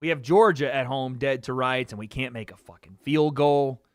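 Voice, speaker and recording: A young man hosting a live watch-party stream, chatting casually and excitably, swearing freely as he reacts. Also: medium pitch, moderate pace, no room sound, studio quality. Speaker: livestream host.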